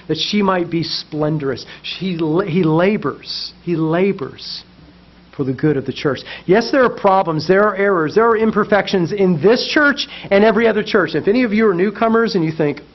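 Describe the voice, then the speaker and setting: A man's voice: on the high side, slight background noise. A man preaching a sermon as pastor, with impassioned, repetitive emphasis that builds in intensity. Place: church basement. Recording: muffled lo-fi sound.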